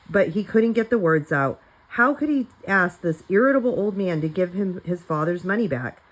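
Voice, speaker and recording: Reading a children's chapter book aloud for students, a woman with a slightly low voice tells the story plainly, adding light character voices and making small slips. She's expressive, keeps a normal speed with hardly any pauses, and the recording is low quality.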